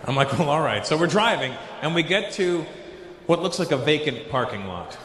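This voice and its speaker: Male stand-up comic, animated storyteller, acts out dialogue, swears, slightly high voice, echoey arena. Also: normal speed, slight background noise. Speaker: stand-up comedian. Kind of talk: stand-up comedy performance. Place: large arena stage.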